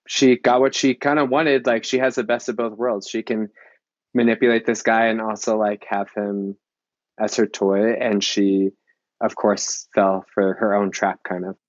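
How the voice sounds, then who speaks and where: A man's voice: lowish voice, flat delivery, unhurried, no echo. Chatty man on a dull, dry line. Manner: loose and chatty, heavy on filler likes. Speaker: podcast panelist. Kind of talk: casual film discussion.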